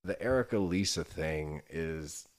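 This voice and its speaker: A man's voice: extremely low pitch, a little slow, faint music behind. A man co-hosting a podcast in casual chat, exasperated and swearing freely. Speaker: podcast co-host.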